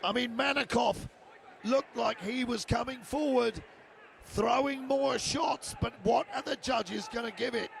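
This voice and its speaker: A man giving excited live commentary on a fight from ringside in an indoor sports hall. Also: very high voice, normal speed, vocal fry, a faint crowd, slight background noise. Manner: excited, exclamatory.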